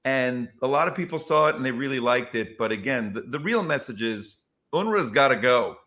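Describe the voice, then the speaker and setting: A male comedian speaking as an interview guest, telling stories with emphatic, expressive delivery. He acts out other people's words as he goes, in a mid-pitched voice. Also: fairly quick. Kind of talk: animated interview storytelling.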